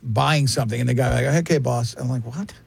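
A man's voice: mid-range voice, fast talker, gravelly, husky, no room sound. A man hosting a radio talk show, bantering casually and acting out quoted voices with jokes. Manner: animated, jokey, acts out quoted voices.

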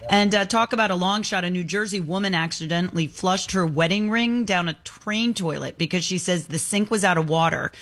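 A woman's voice: lowish voice, brisk, few pauses, a bit bright. A woman co-hosting a talk show, telling quirky news stories in a chatty storytelling way. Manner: storytelling, reads out odd news. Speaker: show host. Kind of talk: talk-radio news banter.

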